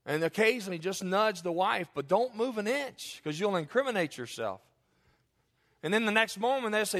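A male pastor preaching an animated sermon, repeating phrases for emphasis and joking with his congregation, recorded in a church. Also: high voice, normal speed. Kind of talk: sermon with humorous asides. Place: church sanctuary. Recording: long reverb of a church hall.

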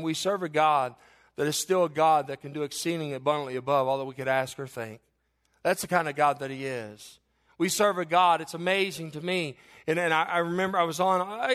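A man's voice: on the high side, a bit bright. A man preaching a sermon as pastor, emphatic, repeating phrases and asking the congregation questions. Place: church.

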